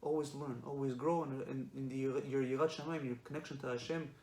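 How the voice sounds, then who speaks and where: A man's voice: mid-range voice, steady tone, a little fast, darkish tone. A man giving a religious lesson, emphatic and repetitive, often asking rhetorical questions. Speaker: Torah lecturer. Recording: echoey room.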